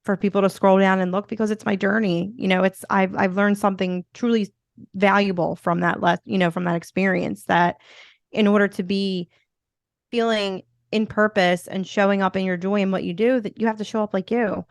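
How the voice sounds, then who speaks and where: A woman with a Philadelphia accent talks in a smooth, resonant voice, upbeat and rambling, with plenty of "you know" fillers. She sits as a guest in a relaxed interview chat. The sound is close and dry, with no room around it. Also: mid-range voice, normal speed, dry recording. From Philadelphia, USA. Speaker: podcast guest, motivational speaker.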